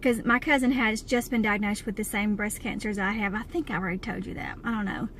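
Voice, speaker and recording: A woman's voice: medium pitch, steady tone, quick pace, a bit bright. A woman with a Southern US accent, talking to camera with candid, plainspoken chat from inside a car. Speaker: vlogger. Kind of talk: casual talk to camera. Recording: clear car road noise.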